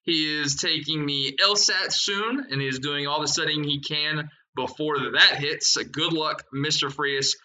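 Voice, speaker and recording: A young man hosting a sports betting podcast, rattling off picks and odds in a fast, excited way. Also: a little high, low-quality recording. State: out of breath. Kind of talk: energetic podcast chat.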